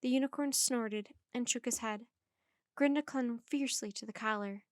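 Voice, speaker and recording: A woman reading a children's chapter book aloud in a clear, measured storytelling manner. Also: a little high, no echo, clean studio sound.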